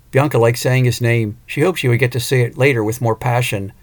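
A man narrating an audiobook, expressive, with an occasional small restart. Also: medium pitch, a little fast, hardly any pauses.

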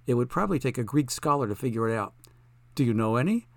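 A confident, breezy fortune teller, voiced by a man, who speaks with easy self-assurance. The reader lifts his pitch slightly for her, and the recording is dry and close. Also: expressive, quick pace, dry recording, natural voice.

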